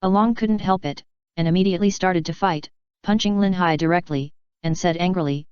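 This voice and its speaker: A woman reading a fanfiction audiobook aloud in an even, unacted narration, voicing every character the same way. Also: fairly low pitch, a little fast, clean tone, dry recording. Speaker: audiobook reader. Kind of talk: flat scripted narration. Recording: dull, lo-fi dry sound.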